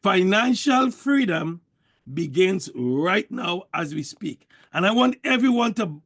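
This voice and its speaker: A man delivers a motivational sales pep talk in a high, gravelly voice. He is preachy and emphatic and hammers the same points again and again. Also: sing-song, takes it slowly, a bit bright. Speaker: network marketing speaker.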